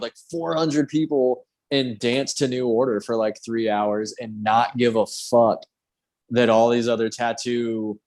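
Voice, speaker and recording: A man hosting a casual talk show, a tattoo artist speaking candidly and swearing freely, acting out what people said to him. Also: on the low side. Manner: candid, swears freely, acts out quoted remarks. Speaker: podcast host, tattoo artist. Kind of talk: casual chat.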